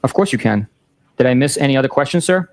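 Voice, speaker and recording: A fast-talking man in a courtroom reads out a string of texts over the microphone. Each date and time comes plainly before its messages, and his ordinary mid-pitched delivery stays matter-of-fact and flat even through the teasing parts.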